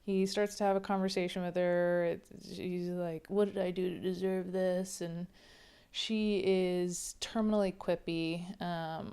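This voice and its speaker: Female book reviewer, casual and sarcastic, smooth clear voice, mid pitch. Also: a little mellow. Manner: sarcastic, chatty.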